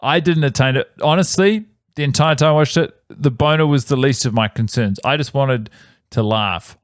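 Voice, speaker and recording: A man's voice: mid-range voice, a little mellow, no room sound. A male comedian co-hosting a podcast, riffing in a dry, rambling way. His voice sits mid-range, and the recording is dry and close. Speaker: podcast co-host. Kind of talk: casual comedy podcast chat.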